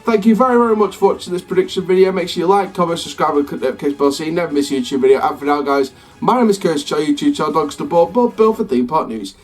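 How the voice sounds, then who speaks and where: A man's voice: on the high side, racing, few pauses. Casual male YouTuber, chatty and self-correcting, faint music underneath. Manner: rambling, self-correcting, upbeat sign-off. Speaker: theme park YouTuber. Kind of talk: casual prediction vlog. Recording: slightly distant mic, faint music behind.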